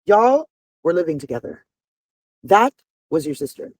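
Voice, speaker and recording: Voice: medium pitch, very animated, no room sound. A speaker in their forties giving heated reaction commentary, blunt and profane, scolding and firing off rhetorical questions. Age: 40s. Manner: rapid-fire rhetorical questions. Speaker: commentator reacting to a reality show.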